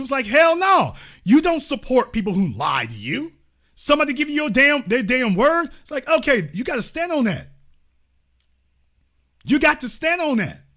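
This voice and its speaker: A man's voice: high voice, pushed and bright. A man hosting a profane, comedic political rant, often acting out the voices of the people he quotes. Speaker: political commentary host.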